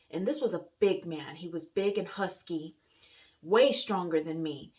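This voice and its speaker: Woman recounting a hard story, halting. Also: lowish voice. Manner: rambling, many restarts and pauses, wry laughs. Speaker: vlogger sharing personal story. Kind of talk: casual personal testimony.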